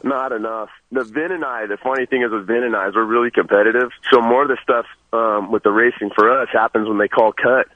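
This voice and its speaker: Relaxed guy calling in on a phone, quick talker, thin phone-line sound. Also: medium pitch, no room sound. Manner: laid-back, says "man" a lot. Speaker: phone-in guest, film actor. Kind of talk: casual interview over the phone. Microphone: telephone.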